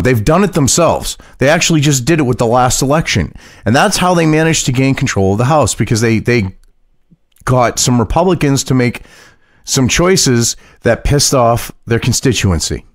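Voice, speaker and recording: A man's voice: medium pitch, no echo, studio quality. Mocking, profane male political commentator. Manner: mocking, profane, laughs at his own jokes. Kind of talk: casual political commentary, reading and reacting.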